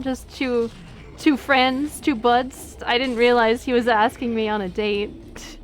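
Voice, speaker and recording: A woman's voice: fairly high pitch, measured pace. A young woman streamer chatting casually over gameplay, giggly and self-deprecating.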